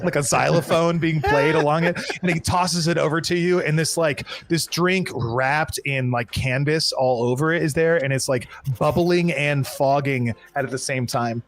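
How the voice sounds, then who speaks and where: Rambling game master, slightly high voice. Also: male voice, normal speed, few pauses. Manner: casual, rambling, many fillers. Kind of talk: narrating a tabletop game.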